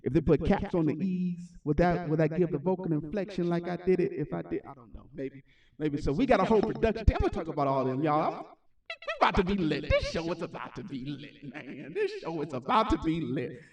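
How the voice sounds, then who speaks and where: A man hosting a livestreamed recital as the music school's founder, with energetic, repetitive hype-man talk. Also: a little high, fast, distant mic. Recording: echoey room, voice off-mic.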